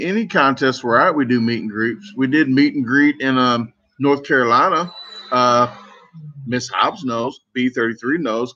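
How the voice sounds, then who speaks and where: Brief: man, mid-pitch voice, casual live stream chat, rambling stories, muffled lo-fi audio. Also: bright, forceful tone. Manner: rambling, self-interrupting storytelling. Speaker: competitive eater streamer.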